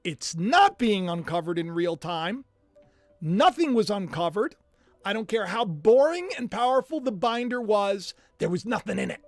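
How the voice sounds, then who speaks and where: A man hosting a live stream, reacting to news clips in a mocking, animated way and humming as he thinks aloud. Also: sits high, no echo, soft background music. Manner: animated and mocking, muses aloud with drawn-out hums. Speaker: livestream host.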